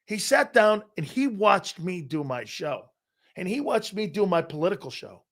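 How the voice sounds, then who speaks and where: A middle-aged man from Connecticut hosting a live sports talk show, telling personal stories in an animated, emphatic way and swearing freely. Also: high voice, normal speed.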